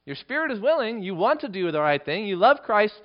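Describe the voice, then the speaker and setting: Animated man preaching, lo-fi sound. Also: a little fast. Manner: animated, acts out quoted lines with rising pitch. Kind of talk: expository sermon. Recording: dull lo-fi recording.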